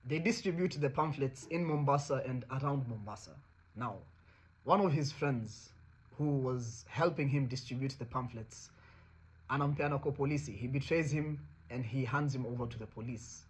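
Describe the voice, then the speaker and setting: A man's voice: medium pitch, normal speed, slight background noise. A man with a Kenyan accent narrating a history story, switching between Swahili and English mid-sentence. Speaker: host.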